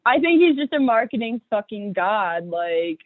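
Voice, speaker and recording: A young woman rapper chatting casually as a podcast guest, excitable and profane, laughing often. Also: on the high side, moderate pace, no room sound. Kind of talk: casual chat. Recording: dry tinny phone-like audio.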